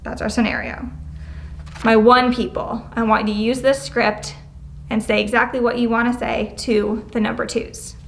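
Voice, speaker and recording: A woman with a fairly high voice runs a classroom activity. She gives short, brisk directions in an encouraging way. She acts out sample phrases with a shifting tone. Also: level tone, gravelly, slight background noise. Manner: acts out example phrases with changing tone. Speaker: prevention educator leading a class. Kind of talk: classroom instruction. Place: school classroom, indoors.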